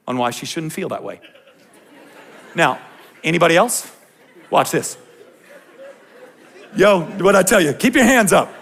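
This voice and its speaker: Male pastor, middle-aged, gravelly edge, slightly high voice, chatty sermon to a church crowd. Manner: conversational, swings from quiet to loud ranting. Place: church auditorium before a congregation.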